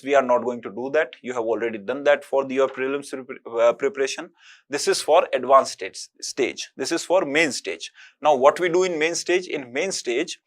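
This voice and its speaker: A man delivers a recorded lecture on exam preparation. His voice sits at an ordinary middle pitch, and he explains point by point with frequent filler words and small restarts. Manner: explanatory, many fillers like "uh, you know". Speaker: exam-prep teacher.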